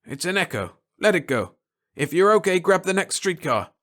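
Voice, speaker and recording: A man voicing a gruff, impatient military captain who shouts urgent orders and curses, in a dramatic audiobook reading. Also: high-pitched, big pitch swings, normal speed.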